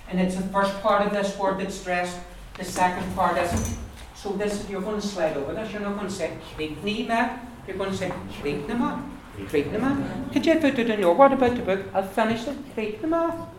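A teacher with a Donegal accent leads a pronunciation class, repeating each syllable many times. The voice sits at an ordinary middle pitch. It comes from far off in a very reverberant room with steady noise behind. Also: a little fast, few pauses, crowd noise. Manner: patient, repeats sounds many times over. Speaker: language teacher. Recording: very echoey room, mic far off, background noise.

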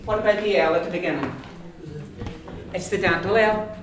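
A man teaching pronunciation in a classroom, repeating words slowly for his pupils. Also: high-pitched, reverberant, a crowd in the background. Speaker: Irish language teacher.

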